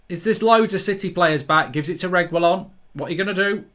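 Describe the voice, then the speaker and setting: A man hosting a live football watchalong, reacting excitably to the play and reading out viewer comments. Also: fairly high pitch, quick pace, hardly any pauses. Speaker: host.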